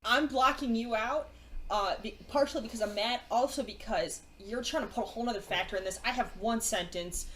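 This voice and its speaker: A woman's voice: fairly high pitch, a little fast, a bit bright. A woman playing a tabletop role-playing game, rambling and stammering as she describes her character. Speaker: player. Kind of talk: tabletop role-play chat.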